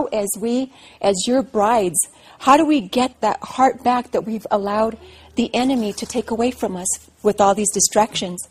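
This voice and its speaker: Woman minister's wife, devotional talk, husky breathy tone, earnest and fervent. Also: fairly high pitch. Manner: earnest, builds to fervent emphasis. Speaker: pastor's wife. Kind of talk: devotional talk to a women's group.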